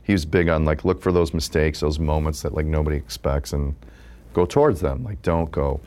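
Deep-voiced guy in his 50s, improv comic, casual rambly chat. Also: fairly quick. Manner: relaxed, rambling with many "like" fillers. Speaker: improv comedian. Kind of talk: casual interview talk.

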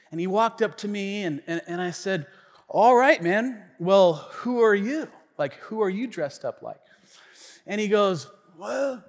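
A male pastor telling a story in his sermon, acting out the lines of the people in it, recorded in a church. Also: high voice. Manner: animated storytelling, acts out friend's lines. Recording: long reverb of a church hall.

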